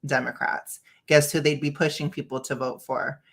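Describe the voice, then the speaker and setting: A woman's voice: sits low, little pitch movement, moderate pace. A woman hosting a casual reaction stream over a video call, blunt and opinionated, often breaking into laughs. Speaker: stream host.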